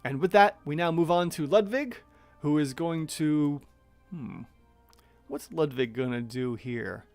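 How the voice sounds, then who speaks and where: A man's voice: fairly high pitch, unhurried, faint music behind. Chatty man running a tabletop battle. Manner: chatty, thinks aloud, reads rules mid-turn. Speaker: game master. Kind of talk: narrating a tabletop battle livestream.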